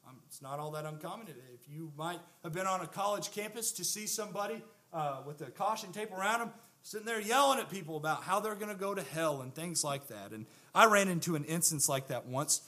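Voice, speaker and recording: Young man preaching, bright tense voice, slightly high, earnest, emphatic. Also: lively intonation. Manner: earnest, emphatic, with pauses and repetition for stress. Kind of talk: sermon.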